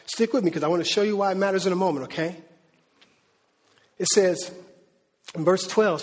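A man preaching to his congregation, loose and conversational, tossing in slang as he walks through the scripture. His voice sits high and a little husky. The sound rings with the long reverb of a large hall. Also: moderate pace, long pauses. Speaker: pastor. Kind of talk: sermon.

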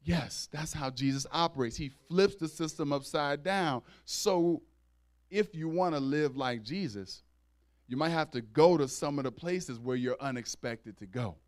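Male pastor, slightly high, clear voice; conversational sermon with call-outs and acted-out voices. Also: measured pace. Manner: acts out dialogue in raised voices.

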